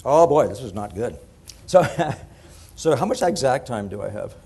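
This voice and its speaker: A middle-aged man giving a conference talk in an animated, digressive way, laughing at his own points. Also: mid-range voice, moderate pace, gravelly, husky. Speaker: conference speaker. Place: conference hall.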